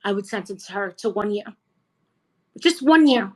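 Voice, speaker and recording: A woman guest in a casual chat, talking in an animated, emphatic, gossipy way. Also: mid-range voice, normal speed, rough recording. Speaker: interview guest.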